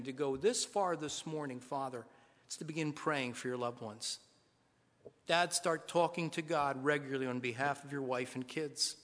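A man's voice: on the high side, fairly bright tone. A middle-aged man, a pastor, giving an earnest, conversational sermon full of rhetorical questions. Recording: long hall reverb.

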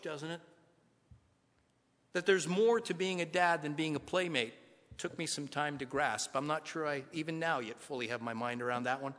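A man's voice: high-pitched, fairly bright tone. A middle-aged man, a pastor, giving an earnest, conversational sermon full of rhetorical questions. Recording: long hall reverb.

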